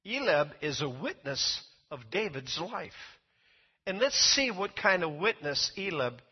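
A man preaching a sermon, reading scripture and building to emphatic, loud peaks. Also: medium pitch, husky. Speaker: pastor. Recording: dull lo-fi recording.

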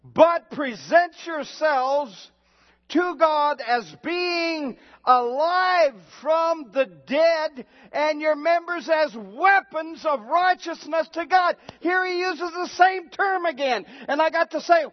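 A pastor preaching a sermon and reading scripture, emphatic and building to shouts, with slow, drawn-out reading of the verses. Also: male voice, very high voice. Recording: dull lo-fi sound in a reverberant hall.

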